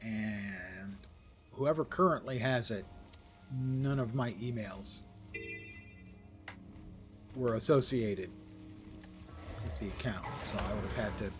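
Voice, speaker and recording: A man's voice: lowish voice, slow, pauses often, music in the background. A tired, yawning man streaming a game, chatting casually with wry, rambling asides. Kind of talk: casual live-stream chat while gaming.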